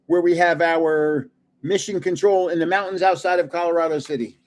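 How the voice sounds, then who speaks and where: The speaker is an older man on a livestream opening card packs, chatting in a relaxed way and laughing at himself as he tries to name the cards. His voice is on the high side, steady in tone, at a normal speed.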